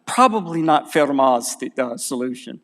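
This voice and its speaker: Man, Southern US accent, conference lecture, animated, self-correcting, long hall reverb. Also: medium pitch, normal speed. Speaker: conference speaker.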